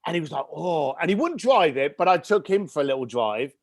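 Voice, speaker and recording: A man with a high, light speaking voice tells a story with real energy, acting out his family's lines as he goes. The sound is close and dry, with no room in it. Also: brisk, no room sound. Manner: animated storyteller who acts out family dialogue. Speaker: podcast guest. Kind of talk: storytelling interview.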